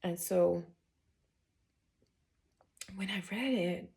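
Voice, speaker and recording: Woman, tarot reader and spiritual coach; unhurried, raspy-edged, chatty and excited with her viewers. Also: lowish voice. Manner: chatty and enthusiastic, addressing viewers as guys; drops to a whisper while turning cards. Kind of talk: casual tarot reading chat.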